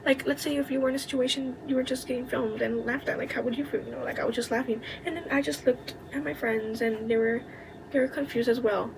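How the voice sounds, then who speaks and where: A young woman telling a college story in a candid, indignant way, with plenty of swearing and quick asides. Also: high-pitched, fairly even intonation, creaky, background noise. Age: young adult. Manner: indignant, venting. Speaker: vlogger. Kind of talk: casual storytime chat.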